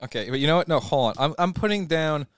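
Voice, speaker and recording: A man from Long Island co-hosting a casual podcast, sounding exasperated and swearing freely as he argues his side. He talks very fast in a mid-range voice that is smooth and clear, with a dry close sound. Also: a little high, expressive, no echo. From Long Island, New York. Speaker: podcast co-host. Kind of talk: casual chat between brothers.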